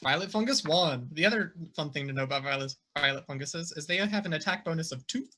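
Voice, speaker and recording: A man's voice: fairly high pitch, fast talker, pushed and bright. A man running a tabletop role-playing game as dungeon master, narrating the action playfully.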